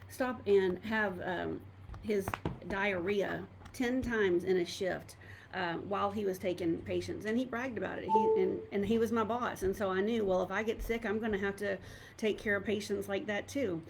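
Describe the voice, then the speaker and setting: A woman's voice: medium pitch, steady tone, normal speed, creaky, noisy background. A middle-aged woman, a doctor and coach, talking casually to viewers from home on a laptop microphone, candid and rambling with many fillers and restarts. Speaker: doctor and coach speaking to an online group. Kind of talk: casual live talk to viewers.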